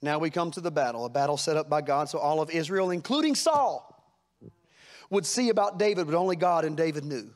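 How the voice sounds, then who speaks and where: High-voiced preacher, fervent and folksy. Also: male voice, lively intonation, a little fast. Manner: preaching with rising fervor, rhetorical questions; folksy, plain-spoken church talk. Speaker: pastor. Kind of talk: sermon.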